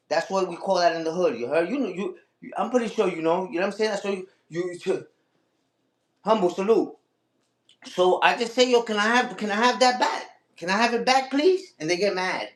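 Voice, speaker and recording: A man's voice: sits high, echoey room. A man hosting a casual livestream, talking back to his critics and repeating his own catchphrases. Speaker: livestream host.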